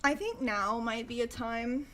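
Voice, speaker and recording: Young woman, livestream host, sarcastic and profane, fairly high-pitched, faint room hum behind. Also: measured pace, fairly bright tone. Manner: sarcastic, profane, laughs often. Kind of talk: casual livestream chat reacting to news.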